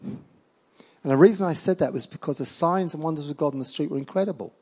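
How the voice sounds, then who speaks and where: A middle-aged man preaching, telling healing stories with lively acted-out quotes. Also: on the high side, brisk, husky. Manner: animated storyteller acting out quoted voices. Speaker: evangelist preacher. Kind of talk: sermon storytelling.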